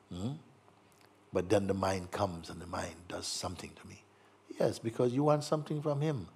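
A man giving a gentle spiritual talk to an audience, playful and teasing, acting out little voices and laughing as he speaks. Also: low voice, moderate pace, breathy edge. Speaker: spiritual teacher.

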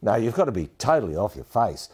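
A man with an Australian accent, co-hosting a deadpan mock sports commentary, rambling with many fillers. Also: lowish voice, quick pace, slightly rough. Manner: rambling, hesitant, lots of fillers. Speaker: comedy co-host.

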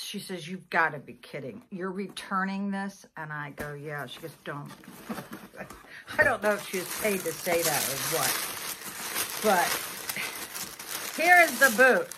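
A woman's voice: lowish voice, background noise. A woman in her sixties chatting casually as she unboxes items, thinking aloud and laughing often. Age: 60s. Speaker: vlogger.

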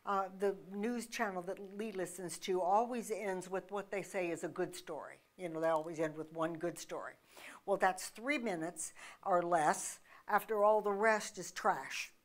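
Emphatic woman preaching a sermon. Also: mid-range voice. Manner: emphatic, conversational preaching with restarts and rhetorical questions. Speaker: minister.

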